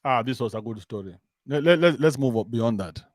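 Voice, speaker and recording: Here the Kenyan-accented host talks briskly in a mid-range voice with lively intonation, captured dry at studio quality. His comic commentary is a crude, mocking rant that shifts back and forth between English and slang.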